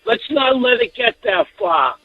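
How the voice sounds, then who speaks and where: A man's voice: extremely high pitch, lively intonation, unhurried, creaky, breathy edge. A man calling in to a radio show, arguing heatedly and insistently and repeating his points. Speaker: caller. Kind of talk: call-in radio. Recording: phone line.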